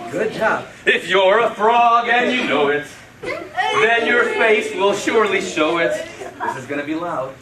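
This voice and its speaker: An animated adult leads a crowd of children through action songs, coaxing them and calling out with a lively, swooping voice. The voice is unhurried and picked up from across an echoey room. Loud children and steady noise fill the background. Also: mid-range voice. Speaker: children's reading and song leader. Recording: roomy distant recording with loud crowd and noise.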